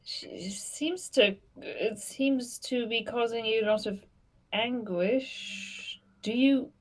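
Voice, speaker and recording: A woman voicing a gentle male bard who asks soft, hesitant questions. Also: fairly high pitch, slow pace. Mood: concerned. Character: gentle young male bard, caring and probing.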